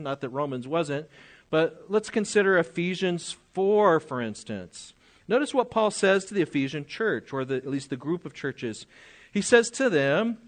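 An older man preaching a sermon, reading scripture aloud, explaining it and asking his listeners questions. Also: high voice.

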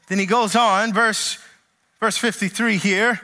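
A man from the American South delivers a sermon with a high, bright, ringing voice. He stretches the key phrases slowly and doubles back on his words as he builds a point. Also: steady tone. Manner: preacherly, with dramatic slow-downs and repeated words. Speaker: pastor.

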